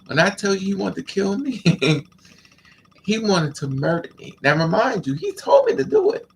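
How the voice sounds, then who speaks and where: A flamboyant man chats with his live audience in a fairly high, gravelly voice. He talks with sass, leaps into squeals and laughs, and drawls out his asides. Faint noise hums under the recording. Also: big pitch swings, normal speed. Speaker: live stream host. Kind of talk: casual storytelling to live chat.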